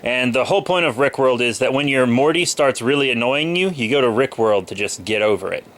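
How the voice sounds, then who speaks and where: Casual male vlogger in his twenties, bright and sharp-toned, under the weather, loose and rambling. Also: mid-range voice, animated, brisk. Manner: rambling, loose, with many fillers. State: a little sick with a cold. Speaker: comic book vlogger. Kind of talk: casual haul video chat.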